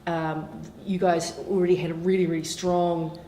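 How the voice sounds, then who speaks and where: A woman producer on a panel, talking in a measured, thoughtful way. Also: on the low side, flat delivery, warm tone. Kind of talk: reflective panel talk. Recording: echoey hall with faint noise.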